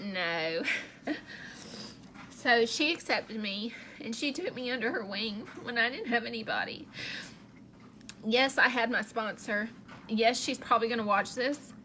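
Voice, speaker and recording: A woman's voice: fairly high pitch, bright, forceful tone, slight background noise. A woman, a direct sales director, telling a candid and emotional personal story in a vlog, often repeating herself.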